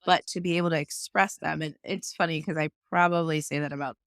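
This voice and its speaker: Smooth clear woman host, chatty mom, asks long rambling questions, dry close sound. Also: sits low, steady tone, fast talker, a bit bright, no echo. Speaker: podcast host, mother. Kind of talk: casual interview talk.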